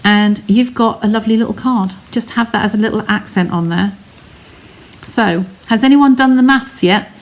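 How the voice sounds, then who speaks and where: A woman's voice: medium pitch, normal speed. A woman hosting a live craft stream from her home studio, explaining each step in a chatty way and talking to her viewers.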